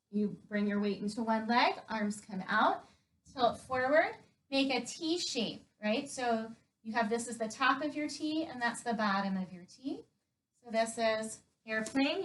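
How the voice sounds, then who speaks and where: A woman guiding children through a yoga lesson, giving clear, encouraging step-by-step cues. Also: fairly high pitch, a bit bright, far from the mic. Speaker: kids yoga instructor.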